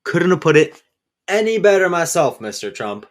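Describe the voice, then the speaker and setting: A man's voice: on the high side, big pitch swings, normal speed. A man hosting a casual political commentary show, enthusiastic and peppering his talk with "all right". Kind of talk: casual commentary over clips.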